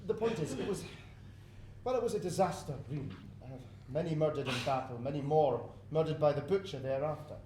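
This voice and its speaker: An actor with a Scottish accent playing a polite, earnest earl on the run, speaking formally and a little flustered. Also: male voice, a little high, a little fast, roomy sound, crowd noise, lightly acted. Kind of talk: stage play acting.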